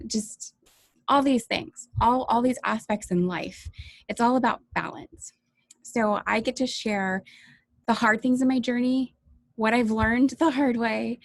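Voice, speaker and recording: Woman coach talking straight to camera, kinda gravelly, really earnest, dry close mic. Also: medium pitch, dry recording. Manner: earnest, emotional, pausing often. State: teary-eyed. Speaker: life coach and YouTuber. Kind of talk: personal welcome vlog.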